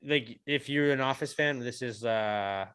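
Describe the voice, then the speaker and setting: A man's voice: medium pitch, unhurried, fairly bright tone, smooth. A man co-hosting a podcast, talking in loose, rambling casual chat. He runs himself down cheerfully and swears freely as he goes. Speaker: podcast co-host.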